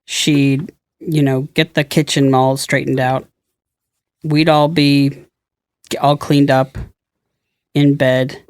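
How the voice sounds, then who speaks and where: A man's voice: medium pitch, flat delivery, slow pace, pauses often, smooth, dry recording. A man co-hosting a podcast, musing in casual chat and often searching for words. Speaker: podcast co-host.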